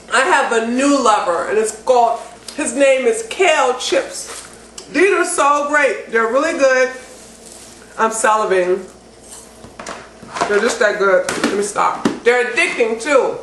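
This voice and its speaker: A woman giving a casual, enthusiastic cooking how-to demonstration at home, chatty and getting excited. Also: on the high side, a little slow. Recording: roomy echo with faint background noise.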